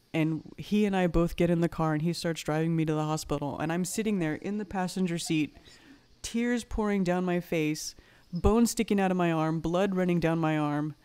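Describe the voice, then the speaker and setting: A woman's voice: deep voice, darkish tone, clear, resonant tone. A woman hosting a livestream who tells a personal story candidly and bluntly, swearing freely and getting heated as she recounts anger. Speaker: livestream host.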